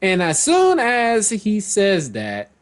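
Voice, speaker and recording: A man's voice: high-pitched, huge pitch swings, slow. A man casually recapping and commenting, rambling and often correcting himself mid-sentence. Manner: loose, rambling, self-correcting, reads out character lines. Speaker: manga chapter reviewer.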